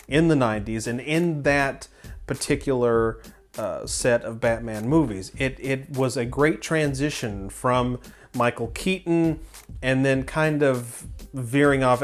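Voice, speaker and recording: A man hosting a film review show, talking in a casual, rambling, opinionated way with many restarts. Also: mid-range voice. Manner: enthusiastic, opinionated.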